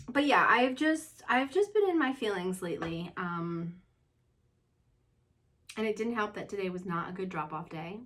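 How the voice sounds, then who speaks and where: Chatty young mom rambling to camera. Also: female voice, mid-range voice, fairly bright tone. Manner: chatty, rambling, many fillers. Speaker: vlogger. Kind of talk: casual chat to camera. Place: upstairs room at home.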